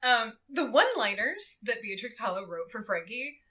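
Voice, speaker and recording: A woman guesting on a podcast, recapping a book in casual chat, animated and giggly as she tells it. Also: a little high, moderate pace. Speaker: guest co-host.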